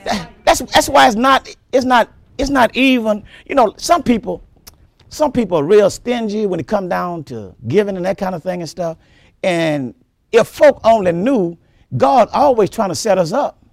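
High, lively preaching pastor. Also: male voice, normal speed, gravelly, no echo, clean studio sound. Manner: animated preaching, repeats words, laughs often, exclaims praise. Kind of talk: sermon.

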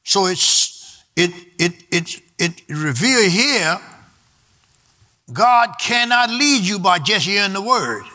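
Casting: male preacher, high bright voice, emphatic, call-and-response delivery. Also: animated, takes it slowly. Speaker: pastor. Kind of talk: sermon.

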